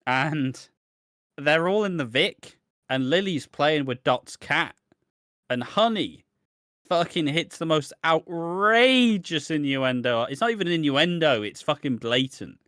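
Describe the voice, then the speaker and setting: A male podcast co-host chats casually, animated and sweary, in a fairly high voice at a measured pace. The audio is clean studio sound with no room sound.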